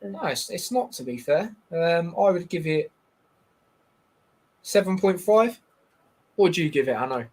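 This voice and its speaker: A man's voice: on the high side, expressive, measured pace, pauses often, a little mellow. A man hosting a live football watchalong, chatting in a rambling, bantering way with lots of fillers and calling the match as it goes. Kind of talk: casual live-stream chat with match commentary.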